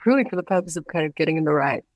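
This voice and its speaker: A woman's voice: low-pitched, very fast, no echo, lo-fi sound. A woman with a New Zealand accent, a guest on a podcast, chatting animatedly and playfully over a video call. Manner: animated, playful, laughing easily. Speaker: guest musician. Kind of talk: casual chat.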